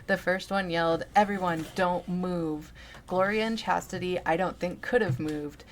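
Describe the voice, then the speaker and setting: Lower-voiced woman reading a story aloud. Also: slight background noise. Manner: deliberate, dramatic reading with muttered asides. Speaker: story reader.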